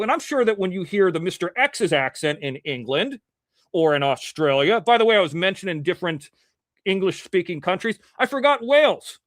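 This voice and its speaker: High-voiced rambling male show host. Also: very animated, fairly quick, fairly bright tone, dry recording, clean studio sound. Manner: rambling, joking, greets viewers. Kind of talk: casual live-stream chat.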